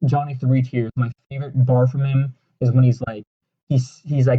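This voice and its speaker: A man giving casual, rambling commentary with a deadpan delivery, crude jokes and many fillers and restarts. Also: mid-range voice, moderate pace, muffled recording. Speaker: video creator ranking songs.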